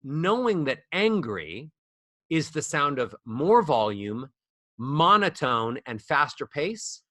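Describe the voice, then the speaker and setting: Animated, bright-voiced male voice coach. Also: a little high, takes it slowly, no room sound, studio quality. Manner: demonstrative, changes volume and melody to show examples. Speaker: voice coach guest. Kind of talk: animated interview talk. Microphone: small ball microphone close up.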